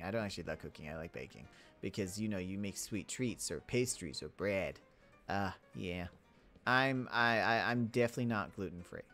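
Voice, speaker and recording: A casual gaming commentator who rambles, jokes and keeps cutting into their own sentences while building. The voice swoops up and down with lively intonation. Soft background music plays under the talk. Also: sits low. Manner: rambling, joking, self-interrupting. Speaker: Minecraft let's play creator.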